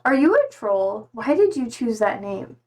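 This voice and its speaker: Young woman from Germany, German native speaker, unhurried chatty livestreamer with a somewhat high voice. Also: sing-song, a little mellow. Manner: chatty, reads chat messages aloud. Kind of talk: casual chat with viewers.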